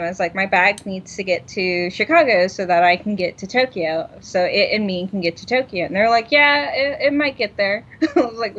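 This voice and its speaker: A woman co-hosting a podcast, telling a story in casual chat, laughing often and acting out what people said. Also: fairly high pitch. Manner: animated, laughs often, acts out quotes. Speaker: podcast co-host. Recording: dull lo-fi sound.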